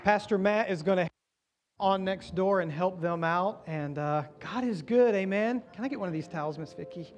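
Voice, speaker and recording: High-voiced pastor man leading baptisms. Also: moderate pace, lo-fi sound, some chatter behind. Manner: warm, encouraging, chatty asides.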